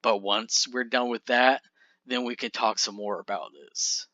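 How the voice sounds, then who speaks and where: A man voicing a calm male wrestler who talks his upset partner down, in a dull, dry recording. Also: mid-range voice, a little slow, no room sound. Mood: placating. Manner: reasoning, placating.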